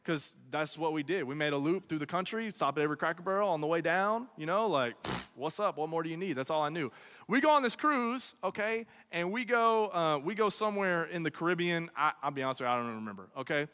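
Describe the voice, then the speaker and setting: High, bright man telling a comic story. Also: quick pace, smooth. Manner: animated, tags lines with "okay?" and "right?". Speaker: speaker at a student event. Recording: long hall reverb.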